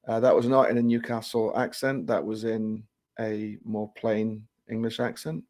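A man giving a casual, joking product demo, relaxed and restarting phrases as he goes. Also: fairly low pitch, moderate pace. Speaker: company presenter.

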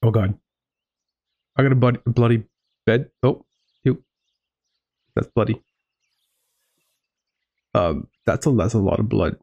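A young man commentating a horror game live, excitable, swearing and joking to viewers. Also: on the low side, slow pace, creaky, long pauses, no echo, lo-fi sound. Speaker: gaming streamer.

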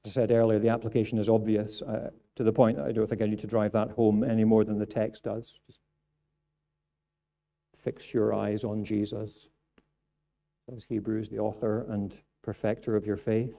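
A Scottish man preaching a sermon in a church, moving between quiet reflective passages and raised, emphatic ones. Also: fairly low pitch, little pitch movement, moderate pace, gravelly. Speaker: pastor. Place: church sanctuary. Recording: dull lo-fi sound.

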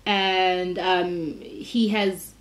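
A young woman, talking casually to camera in a lively, exclamatory way as she encourages her viewers with a Bible story. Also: lowish voice, very slow. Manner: lively, exclamatory, preachy and upbeat. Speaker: Christian vlogger.

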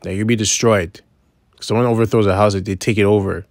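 Bible teacher, male, lowish voice, casual explaining with constant "right?", dry close recording. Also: steady tone, a little mellow, no echo. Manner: reads verses slowly, then explains with repeated "right?". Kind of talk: informal scripture lesson.

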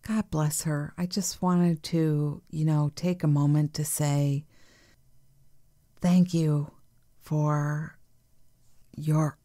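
A woman hosting a spiritual podcast in a soft, nurturing way, laughing easily and sometimes dropping to a whisper. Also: deep voice, little pitch movement, extremely slow, pauses often, dry recording, clean studio sound. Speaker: podcast host. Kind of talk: gentle spiritual podcast chat.

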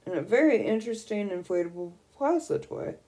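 A young woman streaming a video game, gushing and excitable as she squeals over new items. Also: medium pitch, a little fast. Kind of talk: casual gameplay commentary.

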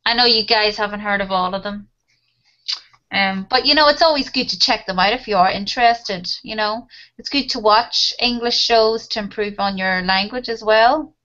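Medium in pitch, with a bright, forceful tone, a woman teaches an online English class at a moderate pace. She chats casually and laughs often while talking about TV shows, addressing her students as "guys" in a lo-fi recording.

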